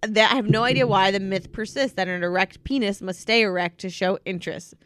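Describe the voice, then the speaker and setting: A woman's voice: mid-range voice, steady tone, a little fast, fairly bright tone. A young woman co-hosting a podcast in casual chat, teasing and giggly, reading out fun facts. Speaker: podcast co-host.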